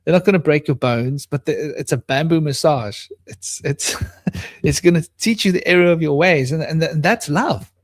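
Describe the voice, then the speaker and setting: With a slightly high voice at normal speed, this co-host rambles about spiritual matters over a video call, frequently starting over. He coos to his little pet bird in a soft baby voice, and the audio has no room sound.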